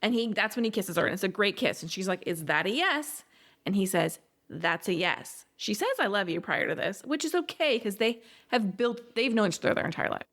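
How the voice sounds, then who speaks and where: A woman's voice: mid-range voice, animated, a little fast, a bit bright. A woman co-hosting a podcast, chatting casually about a movie and eagerly acting out its scenes. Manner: enthusiastic, acts out lines from the movie. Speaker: podcast co-host. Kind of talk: casual chat reviewing a movie.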